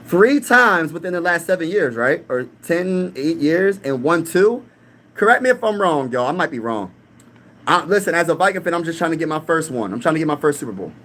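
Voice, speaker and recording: A young Pennsylvania man hosts a sports channel's casual live-stream talk, hyped up and trash-talking as he reads the chat aloud. His fairly high voice swings widely in pitch, moves fairly quickly and has a bit of brightness.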